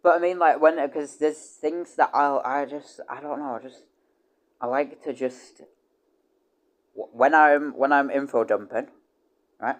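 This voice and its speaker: This livestreamer speaks at a measured pace with frequent pauses, chatting in a loose, wandering way. He drops swear words freely, keeps restarting his sentences and repeating words, and gets animated with loud, excited jumps in pitch.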